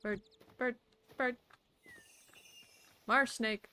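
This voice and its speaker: A woman's voice: on the high side, steady tone, extremely slow, pushed and bright, clean tone. A young woman streaming a game, chatting casually to herself and to the creatures she meets. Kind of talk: casual gameplay commentary.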